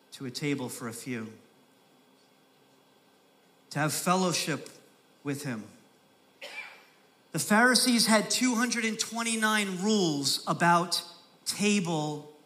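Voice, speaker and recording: A man preaching a sermon as pastor, repeating phrases for emphasis and building from soft, slow stresses to raised, urgent delivery. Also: fairly high pitch.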